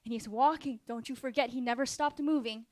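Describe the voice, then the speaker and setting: A woman's voice: on the high side, a little fast, no room sound. A woman pastor preaching a sermon in a church, impassioned and repetitive, addressing the congregation directly.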